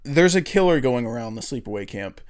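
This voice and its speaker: A man's voice: medium pitch, expressive, brisk, a little mellow. Young dude rambling on a movie podcast, swears a lot, laughs at his own stories. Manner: loose and profane, laughs often at his own retellings. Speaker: podcast co-host. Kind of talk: casual chat.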